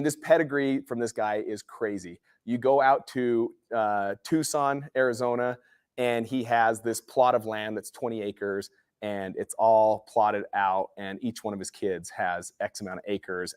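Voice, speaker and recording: A man's voice: fairly low pitch, no echo, clean studio sound. A man in his forties from Utah, a guest speaker giving a motivational talk with personal stories in a casual, rambling way. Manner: casual, rambling storyteller with many fillers.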